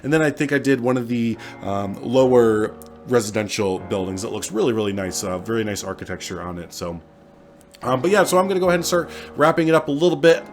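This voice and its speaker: A man's voice: mid-range voice, fairly quick. A man with a cold, hosting a gaming channel, rambling casually with lots of ums and uhs. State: stuffed up from a cold. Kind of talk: casual gameplay commentary. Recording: faint music behind the voice.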